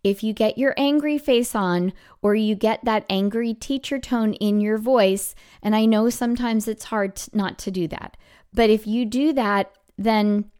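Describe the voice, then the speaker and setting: Chatty woman with a smooth voice. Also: on the high side, unhurried, mellow. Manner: chatty, acts out classroom quotes. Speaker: podcast host, music teacher. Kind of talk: casual advice talk.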